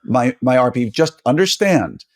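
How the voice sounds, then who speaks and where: A man's voice: mid-range voice, big pitch swings, normal speed. A middle-aged man hosting a casual interview podcast as an orthodontist, talking emphatically with frequent fillers and restarts.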